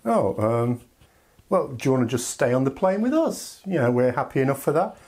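A man voicing a patient, weary grown-up who coaxes and reasons with a stubborn child, with a husky voice. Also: medium pitch, very animated, normal speed, a little mellow. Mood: patient coaxing. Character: patient, weary adult union coaxing a child.

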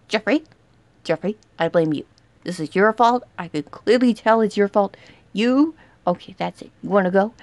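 A young woman commenting on a horror game she is playing, dramatic, shouting and taunting the villain as she goes. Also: mid-range voice, unhurried, gravelly, dry recording. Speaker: gaming youtuber. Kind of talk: excited let's-play commentary.

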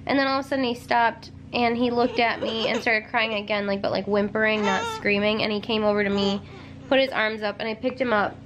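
In her living room at home, a young woman who vlogs about motherhood speaks into a handheld camera in a mid-range, fairly even voice, fairly quickly. She's worn out and emotional, rambling with frequent "like" fillers. Background noise is present.

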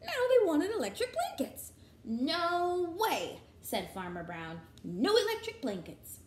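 A woman teacher reading a children's picture book aloud in a sing-song, expressive way. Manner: sing-song, highly animated, slow and expressive. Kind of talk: storybook read-aloud for children. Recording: echoey room.

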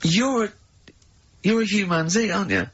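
A man's voice: high-pitched, expressive, moderate pace, a bit bright, slightly rough, highs cut off. A man hosting a radio show, teasing a co-host and acting out stories in casual studio banter. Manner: teasing storyteller, acts out dialogue.

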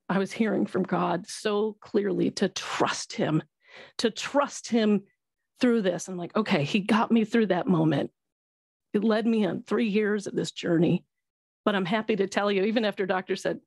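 A woman's voice: medium pitch, no echo, clean studio sound. A middle-aged woman, a Christian radio host, sharing a heartfelt personal testimony on a webinar. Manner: earnest, heartfelt storytelling.

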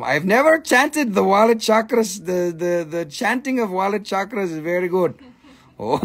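A man's voice: sits high, expressive, normal speed, fairly bright tone. A man hosting a live sale, joking around, chanting and laughing a lot. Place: indoor shop.

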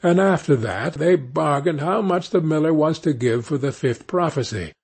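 A man narrating a fairy tale as an audiobook reader, with a measured, deliberate reading. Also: a little high, animated, gravelly, darkish tone, slightly rough.

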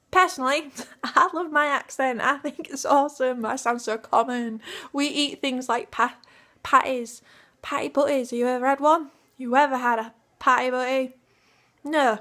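A woman's voice: high-pitched, fairly bright tone. A young woman from Hull with a Yorkshire accent, chatting in a giggly, rambling vlog. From Yorkshire, England. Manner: giggly and rambling, many fillers. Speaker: cosplayer and vlogger. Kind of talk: casual vlog chat.

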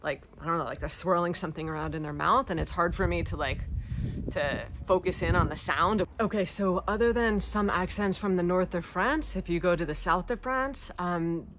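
A woman's voice: on the low side, normal speed, a bit bright, slight background noise. Chatty American woman vlogger. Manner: chatty, many ums and likes. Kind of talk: casual Q&A vlog.

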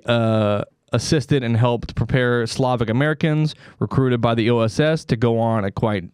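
A man's voice: medium pitch, a little mellow, dry recording, studio quality. A man hosting a comedy podcast, telling a story in a loose, rambling, casual way with swearing and asides. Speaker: podcast host.

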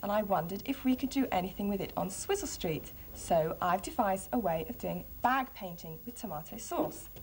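A woman presenting a children's TV show, reading a storybook aloud and then showing a craft, in an expressive, friendly way. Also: mid-range voice, moderate pace, few pauses, slight background noise.

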